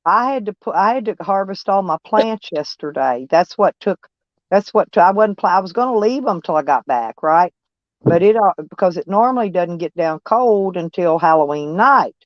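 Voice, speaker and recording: An older woman who vlogs about van life chats casually, rambling in a loose, folksy way full of cussing and laughter. Her lowish voice has lively intonation at a normal speed, with no room sound on a dull, dry lo-fi recording.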